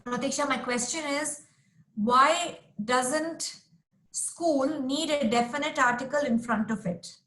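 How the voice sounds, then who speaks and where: A woman's voice: high voice, slow pace, a bit bright. A woman teaching a class over a video call, patiently modelling sentences for her students. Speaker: English teacher. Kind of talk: online class instruction. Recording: roomy echoey sound.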